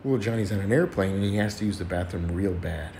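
A man casually telling a string of jokes in a relaxed storytelling way. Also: sits low, fast, vocal fry, a little hiss or hum. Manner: relaxed storytelling, lively delivery. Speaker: joke-telling video creator.

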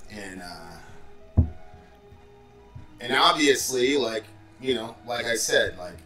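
A man's voice: medium pitch, expressive, slow, pauses often, far from the mic. Male guest, casual storyteller who leans on "like" and "bro"; roomy off-mic sound with faint music. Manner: loose, filler-heavy, says "like" and "bro" constantly. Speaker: former call center supervisor.

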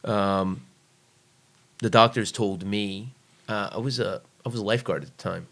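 Blunt, profane American man, low voice. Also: fairly even intonation, moderate pace, fairly bright tone. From United States. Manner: blunt, profane, emphatic, acts out quoted voices. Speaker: guest, former navy serviceman and trainer. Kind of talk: casual storytelling in a podcast interview.

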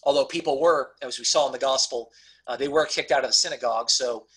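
Male Bible teacher, husky voice, casual lecturing style, stresses key points. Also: medium pitch, fast talker, fairly bright tone, low-quality recording. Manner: conversational, repeatedly checks in with "okay?"; emphatic on key points, frequent restarts. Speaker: pastor teaching a Bible study.

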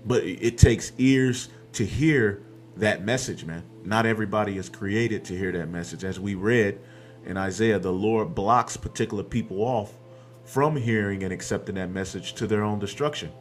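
A man's voice: fairly low pitch, normal speed. A man preaching a scripture-reading sermon, quoting verses aloud and tagging his points with "man" and "okay", with a faint hint of music behind.

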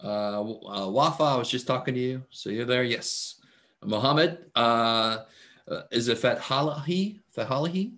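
Relaxed chatty man teaching online. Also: medium pitch, unhurried. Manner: relaxed, chatty, many fillers. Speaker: math instructor. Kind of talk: casual online class talk. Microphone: computer mic on video call.

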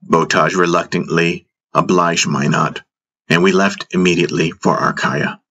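A man narrating a fantasy audiobook in the first person, in a measured storytelling manner. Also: sits low, fairly even intonation, vocal fry, pushed and bright.

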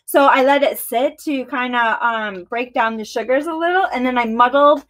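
A bubbly woman chats casually as she mixes a drink on a live stream. Her voice sits high and light. She giggles often and keeps the talk easy. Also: normal speed, a bit bright. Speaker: co-host making cocktails.

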